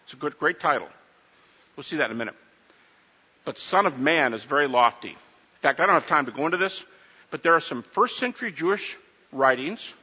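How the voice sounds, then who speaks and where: A man lectures to a live audience in an emphatic, animated way and throws questions at them. His voice is husky, a little high and swings widely in pitch. The recording is muffled, with a long hall echo. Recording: dull audio in a reverberant hall.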